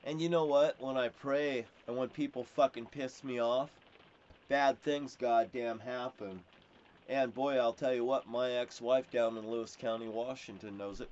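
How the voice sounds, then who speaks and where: A man delivering a rambling, aggrieved monologue as a self-proclaimed prophet, swearing constantly and jumping between topics. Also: mid-range voice. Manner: aggrieved and insistent. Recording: dull lo-fi recording with faint hiss.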